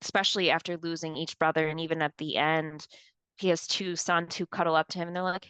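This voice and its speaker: Low, smooth-voiced woman chatting animatedly. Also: fast talker, dry recording. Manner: animated, acts out quoted voices. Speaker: podcast co-host. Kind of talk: casual pop culture chat.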